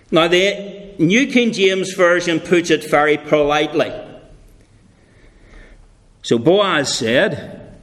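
A man preaching a sermon slowly and deliberately, repeating key phrases for emphasis and now and then slipping into playful character voices for illustrations. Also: high voice.

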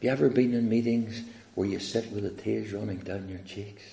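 Gravelly Northern Irish preacher, echoey church. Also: male voice, lowish voice, fairly even intonation, normal speed. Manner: impassioned, swinging from hushed to loud appeals. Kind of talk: evangelistic sermon with storytelling.

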